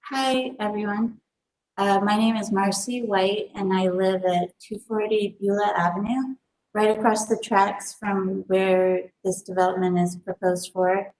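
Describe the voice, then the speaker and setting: A woman who lives nearby, giving public comment at a planning meeting in a measured, hesitant way. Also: medium pitch, steady tone, darkish tone. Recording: distant mic with faint noise.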